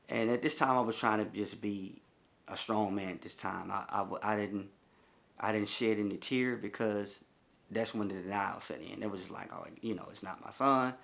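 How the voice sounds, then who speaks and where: A middle-aged man with a fairly low voice tells his own story as a bereaved father. He speaks haltingly and circles back on his words, leaning on fillers as he goes. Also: vocal fry. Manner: halting, repetitive, many fillers. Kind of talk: personal testimony.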